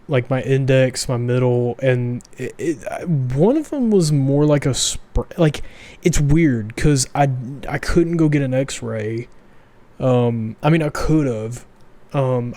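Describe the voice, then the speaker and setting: A young man talks casually as a podcast co-host, hesitant and halting, and fills his pauses with ums. His voice sits at an ordinary middle pitch for a man. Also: warm tone. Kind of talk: casual chat.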